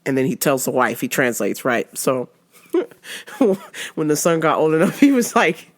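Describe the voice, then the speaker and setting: A woman with a very deep voice talks at a normal speed. Hosting a podcast, she tells a funny story in casual chat, animated, laughing constantly and swearing freely.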